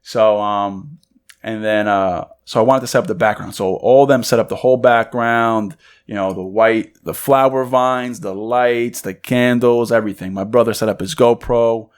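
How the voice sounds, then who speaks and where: A young man co-hosting a podcast, casually telling a rambling, excited story and acting out the voices of the people in it. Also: on the low side, moderate pace, clean tone. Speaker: podcast co-host. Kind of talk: casual chat.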